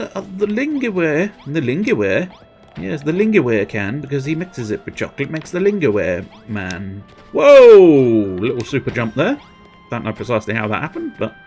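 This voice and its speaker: A man's voice: on the high side, gravelly. A man casually commenting on his gameplay on a livestream, rambling and playful, humming tunelessly and swearing now and then.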